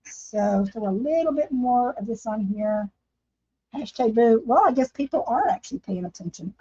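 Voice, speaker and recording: The voice is a woman's, fairly high-pitched with a dark tone and a slight roughness. She's painting on a casual craft livestream from home, chatting and laughing with viewers, in dull lo-fi livestream sound.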